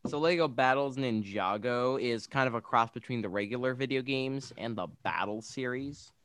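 Chatting about games as a podcast co-host, this young man has a smooth, fairly bright medium-pitched voice and a moderate pace. He's enthusiastic and rambly, often restarting his sentences.

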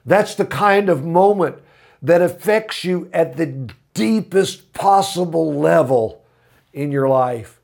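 Slow, earnest preacher man. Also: a little high, expressive, creaky, a little mellow. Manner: earnest storytelling that rises to impassioned emphasis. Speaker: pastor. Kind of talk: sermon.

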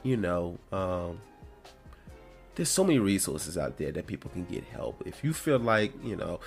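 A man's voice: deep voice, big pitch swings, measured pace, faint music behind. A man hosting his own show, talking in a casual, rambling and heartfelt way from home. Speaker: podcast host. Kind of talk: casual solo talk.

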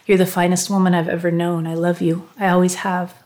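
A woman reading aloud, voicing a tired middle-aged American father whose voice grows weak and rasping. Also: fairly low pitch, flat delivery, fairly quick, a little mellow, lightly acted. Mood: whispering.

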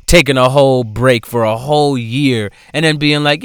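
A man giving casual commentary in a profane, animated way, swinging between loud outbursts and low asides. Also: moderate pace, clear, resonant tone, no echo, studio quality. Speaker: vlogger.

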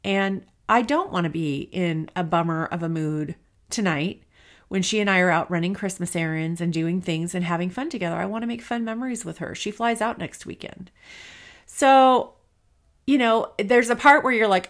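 A woman's voice: fairly low pitch, normal speed. A woman in her forties hosting her own podcast, talking candidly and emotionally while trying not to cry. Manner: candid, emotional, thinking aloud. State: near tears. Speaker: podcast host. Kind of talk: personal solo podcast talk.

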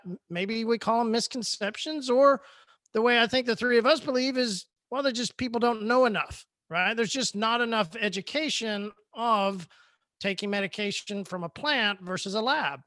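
A woman hosting a panel discussion, asking rambling, halting questions. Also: fairly high pitch, fairly bright tone, dry recording. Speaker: panel host.

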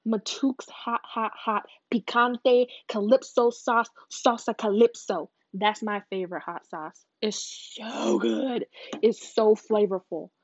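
A woman's voice: on the high side, steady tone, slow pace, no echo, lo-fi sound. A young woman from the southern United States, chatting casually while cooking, rambling with playful asides. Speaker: cooking vlogger. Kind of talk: casual cooking chat to camera.

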